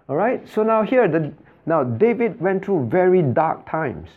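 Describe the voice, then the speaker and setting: A man's voice: fairly high pitch, sing-song, unhurried, phone-quality sound. Pastor preaching, questioning his flock. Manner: asks the congregation frequent rhetorical questions; repeats phrases for emphasis. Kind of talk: sermon.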